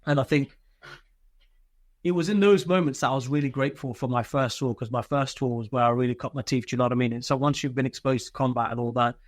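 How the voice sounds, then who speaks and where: Talking fast in a mid-range voice, this British veteran shares war stories as a podcast guest. The casual storytelling interview is candid and laid-back, with free swearing and lots of fillers and restarts, recorded in studio quality with no echo.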